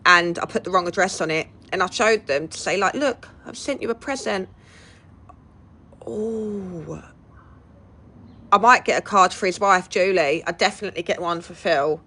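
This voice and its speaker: Bright, chatty woman. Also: lowish voice, normal speed. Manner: chatty, laughs often, swears casually. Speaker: livestreamer. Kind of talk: casual chat with live viewers.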